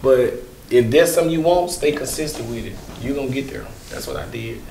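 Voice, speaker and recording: A joking man from Mississippi with a rural Southern accent, talking in a loose, easygoing way and often breaking off to restart. His voice sits at an ordinary pitch for a man. It rings around a roomy space, with steady noise clearly audible behind him. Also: a little fast. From Mississippi, USA. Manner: laid-back, joking, repeats and restarts, laughs easily. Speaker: comedian and voiceover creator, guest. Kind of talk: casual interview. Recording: echoey room with clear background noise.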